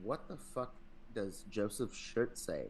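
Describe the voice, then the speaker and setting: A man's voice: lowish voice, animated, slow pace, slight background noise. A young adult man hosting a podcast in casual chat, rambling, swearing freely and laughing often. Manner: rambling, profane, laughs a lot. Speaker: podcast host.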